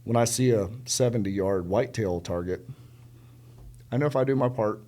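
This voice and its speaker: A middle-aged man from South Carolina speaks in a fairly low voice as a podcast guest. He tells stories casually and animatedly, leaning on words with repetition and slipping into the voices of the people he quotes. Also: moderate pace. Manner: animated, acts out quoted dialogue; emphatic, repeats words for stress. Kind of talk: casual storytelling conversation.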